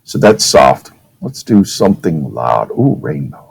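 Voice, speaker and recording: Male teacher, deep voice, relaxed classroom lecture style that keeps checking in with the class. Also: a little slow, gravelly, slightly rough, rough recording. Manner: casual, checks in with "okay?", demonstrates with his own voice.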